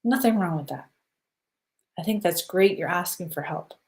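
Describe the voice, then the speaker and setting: Low-voiced woman guiding a breathing ritual. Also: lively intonation, normal speed, a little mellow. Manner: soothing, repeats "okay?" to check in. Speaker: spiritual live-stream host. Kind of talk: casual guided spiritual talk.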